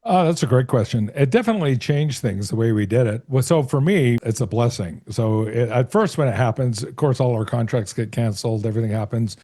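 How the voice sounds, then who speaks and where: A middle-aged man, a sales coach being interviewed, explaining ideas through lively analogies and acted-out bits of dialogue. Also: medium pitch, brisk, hardly any pauses. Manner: storytelling, acts out short dialogues and analogies. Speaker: sales coach and author, guest. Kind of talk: conversational interview.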